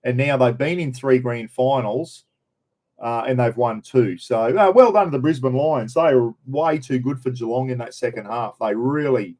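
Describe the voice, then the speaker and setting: A man's voice: mid-range voice, moderate pace, a little mellow. A middle-aged Australian man from Queensland chatting casually on a livestream, rambling and greeting his viewers by name. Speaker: livestream host.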